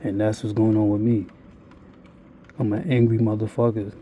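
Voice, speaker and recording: A man talks straight to his viewers in a blunt, rambling confessional, swearing freely. His voice sits low and very dark, with a mellow, relaxed timbre. He barely moves his pitch, staying flat and even throughout. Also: normal speed, dull audio, a little hiss or hum. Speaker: vlogger. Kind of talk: confessional monologue.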